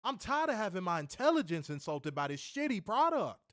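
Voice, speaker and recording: A man's voice: high voice, sing-song, fairly quick, a bit bright, no room sound, studio quality. A man co-hosting a wrestling review show, ranting in an exasperated, profane, mocking way. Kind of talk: ranting casual review chat.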